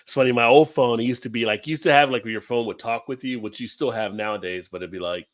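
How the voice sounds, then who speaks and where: This Baltimore-area man co-hosts a laid-back chat show, talking fast at a medium pitch. He jokes around constantly, stays animated, and laughs a lot.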